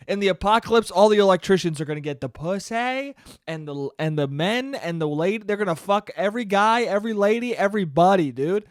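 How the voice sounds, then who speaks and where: A man's voice: sits high, expressive, brisk, no echo, clean studio sound. A young man hosting a solo podcast, ranting in a profane, self-mocking way and mimicking whiny complaints. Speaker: podcast host. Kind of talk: solo comedic rant.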